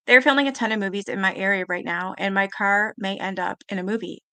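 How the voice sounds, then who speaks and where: Chatty woman hosting a live stream, fry in her voice, bright and a bit sharp, reads comments out. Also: medium pitch. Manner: chatty, animated, quick asides and little laughs. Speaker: host of a live panel stream. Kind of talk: casual live-stream chat, reading viewer comments aloud.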